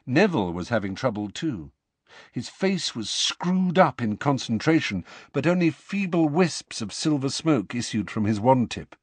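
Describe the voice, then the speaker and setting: A man narrating an audiobook in an expressive, measured storytelling manner. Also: medium pitch, husky, no echo. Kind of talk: scripted narration.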